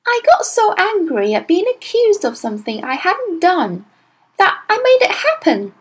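A woman's voice: extremely high pitch, big pitch swings, moderate pace, voice pushed up. A woman reading a storybook aloud, voicing an earnest little schoolgirl with eager, pleading urgency. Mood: urgent.

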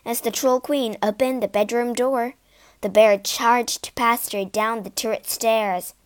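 A woman reads a fairy tale aloud as narrator. Her pace is slow and careful, and her slightly high voice stays expressive. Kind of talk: storybook read-aloud.

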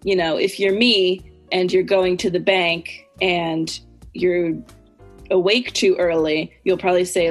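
A woman's voice: on the low side, little pitch movement, a little slow, faint music behind. An American woman in a casual English lesson chat, explaining everyday phrases and acting out examples playfully. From United States. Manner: chatty, acts out example phrases with playful voices. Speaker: guest English teacher.

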